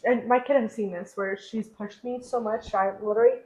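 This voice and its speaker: A woman's voice: on the high side, fairly even intonation, fairly quick, darkish tone. A young woman co-hosting a podcast, talking candidly and a bit rambly about her own life, with lots of fillers. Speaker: podcast co-host. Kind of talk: casual conversation. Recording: echoey room.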